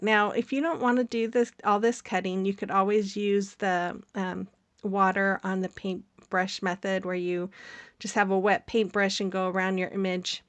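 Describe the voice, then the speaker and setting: A middle-aged woman casually narrating a craft tutorial, chatty and rambling with soft laughs and ums. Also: medium pitch, no room sound. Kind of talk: casual DIY voice-over narration.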